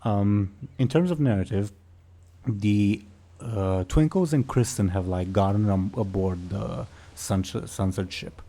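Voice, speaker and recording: A man's voice: fairly low pitch, takes it slowly, dark tone. A man narrating as game master of a tabletop role-play, in a loose, stop-start way.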